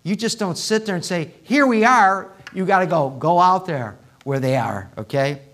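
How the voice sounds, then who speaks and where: A male pastor preaching a sermon in a church, swinging from hushed asides to loud, impassioned appeals. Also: a little high, expressive, normal speed. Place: church sanctuary.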